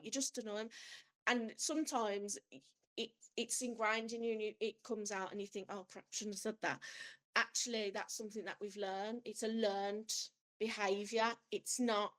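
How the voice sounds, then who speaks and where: A woman's voice: mid-range voice, fairly bright tone, poor audio. A woman with a mid-range voice speaks as a suicide prevention trainer in an online workshop. She talks in a chatty, rambling, self-deprecating way.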